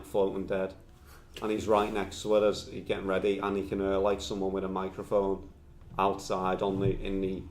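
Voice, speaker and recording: A man's voice: low-pitched, darkish tone, reverberant, slight background noise. A man telling a long comic tale in a podcast, rambling and swearing with lots of fillers. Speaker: storyteller. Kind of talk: comedic storytelling podcast.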